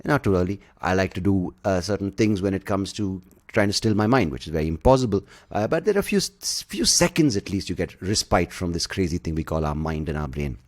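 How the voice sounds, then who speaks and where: A man's voice: low voice, expressive, fairly quick, hardly any pauses. Profane, rambling man. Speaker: podcast host. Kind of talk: ranting podcast monologue.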